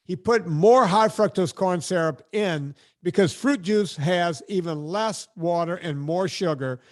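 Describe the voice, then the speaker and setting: A man's voice: high-pitched, measured pace. A man hosting a podcast, ranting bluntly and sarcastically in casual chat. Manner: blunt, sarcastic, emphatic rants. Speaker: podcast host.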